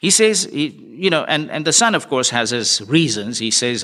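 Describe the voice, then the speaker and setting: A man's voice: fairly high pitch, big pitch swings, moderate pace, few pauses, sharp tone. A man preaching a sermon, retelling a parable and putting earnest, searching questions to his listeners.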